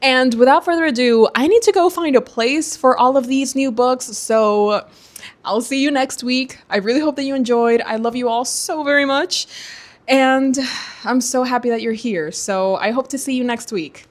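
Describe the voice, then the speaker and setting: A woman vlogger with a slightly high voice talks straight to her viewers. She is chatty and excitable, gushing over everything she shows. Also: normal speed. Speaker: booktuber host. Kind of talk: casual vlog chat.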